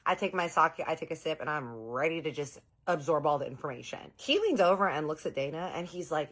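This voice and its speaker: Deep-voiced woman telling a gossipy story. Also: lively intonation, a little fast, few pauses, a bit bright. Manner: gossipy, sarcastic, swearing. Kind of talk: casual storytime.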